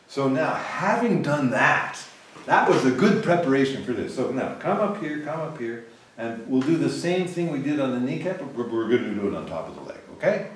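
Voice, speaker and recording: A man teaching a piano class, coaching students with sudden loud bursts of praise and quieter guidance. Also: medium pitch, moderate pace, slight background noise. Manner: animated, loud bursts of encouragement then soft guiding. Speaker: piano professor. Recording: echoey room, voice from a distance.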